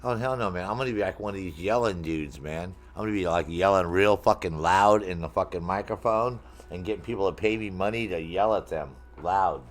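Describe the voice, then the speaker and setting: Low-voiced, rambling, profane male streamer. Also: a little fast, hardly any pauses. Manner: rambling, profane, jokey, talks to chat. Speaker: game streamer. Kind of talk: casual gaming stream chat.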